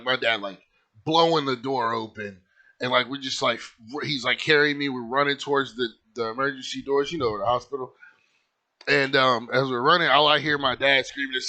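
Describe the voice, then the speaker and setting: Young man, bright-toned, casual storyteller who rambles and swears. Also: medium pitch. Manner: rambling, lots of filler likes, swears freely.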